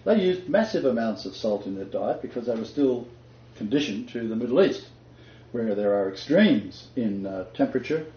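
Speaking with a dark tone at normal speed, this older Australian man delivers a faith talk in an expressive mid-range voice. He's a Christian teacher, emphatic and conversational, who quotes scripture and occasionally chuckles; the audio is lo-fi and dull, captured in an echoey room.

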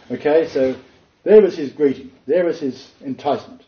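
A man's voice: fairly high pitch, moderate pace, dull audio. Man teaching with read quotations, roomy sound. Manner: reads poetry and quotes expressively, then comments in asides. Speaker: Bible teacher.

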